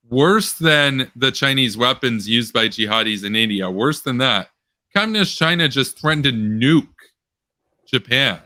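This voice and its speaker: A young man with a bright, edgy voice hosts a loose online chat, rambling and sarcastic. His pitch leaps sharply whenever something strikes him as absurd. The sound is close and dry. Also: dry recording. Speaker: political commentary host. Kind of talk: casual online post-show chat.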